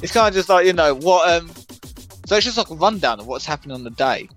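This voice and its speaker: A young man co-hosting a podcast, chatting casually in a flat, monotone way. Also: a little high, quick pace, faint music behind. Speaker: podcast co-host. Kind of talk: casual chat.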